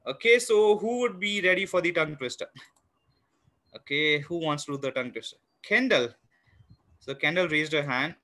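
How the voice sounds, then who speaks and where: A fairly high, bright and forceful male voice running an online math lesson for young children. He talks in an encouraging, patient way, counting out loud step by step and often filling pauses with "you know." The sound comes from a computer mic on a video call. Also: animated. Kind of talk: live online class for young kids.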